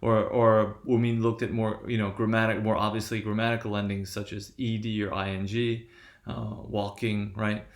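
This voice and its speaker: A man's voice: fairly low pitch, flat delivery, normal speed, roomy sound. A man giving a lecture, explaining step by step and often checking in with "right?". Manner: frequent "right?" checks, restarts. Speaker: linguistics lecturer.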